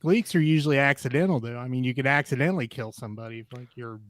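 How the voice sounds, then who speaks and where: A man's voice: mid-range voice, quick pace, dry recording, studio quality. A man co-hosting a casual comedy podcast, talking with lots of hesitant fillers and laughing often. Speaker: podcast co-host. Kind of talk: casual chat.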